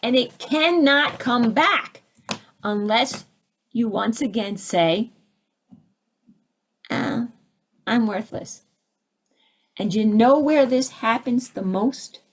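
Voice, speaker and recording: Brief: middle-aged woman, slightly high voice, lively spiritual teacher, asks the room questions. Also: takes it slowly. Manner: animated, acts out quoted voices, rhetorical questions.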